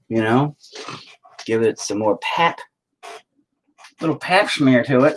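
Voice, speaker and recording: A man streaming his painting has a mid-range, slightly rough voice with lively intonation, a slow pace and long pauses. He talks to himself as he works, rambling, swearing nonstop and casually criticizing himself.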